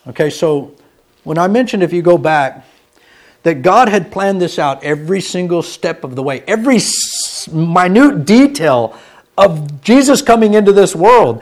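A man's voice: high voice, very animated, moderate pace. Man preaching a folksy sermon. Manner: folksy storytelling, with a wide dynamic swing from loud to hushed.

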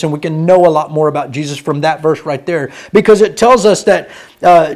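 Male preacher, slightly raised pitch, folksy storyteller, goes from loud to hushed. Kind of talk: sermon.

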